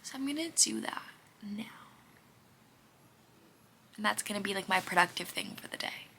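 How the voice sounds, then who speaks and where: Animated and out of breath, this woman speaks at a moderate pace in a medium-pitched voice that's pushed and bright, with vocal fry and a little hiss or hum. Her casual, chatty vlog rambles as she gushes about what she watches, leaning heavily on "like".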